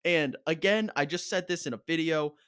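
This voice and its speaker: A young man co-hosting a casual reaction podcast, talking in an animated, fired-up rant. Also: a little high, moderate pace, smooth, no room sound, studio quality. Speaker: podcast co-host.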